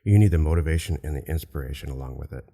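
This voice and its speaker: A man hosting a business podcast, chatting in a relaxed, encouraging way with light jokes. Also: a bass voice, very fast, husky, big-room sound. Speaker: podcast host. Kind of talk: casual chat.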